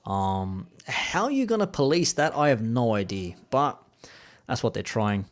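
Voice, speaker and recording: Laid-back Australian streamer chatting. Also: male voice, medium pitch, unhurried. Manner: relaxed, rambling, with many fillers. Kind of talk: casual live-stream chat.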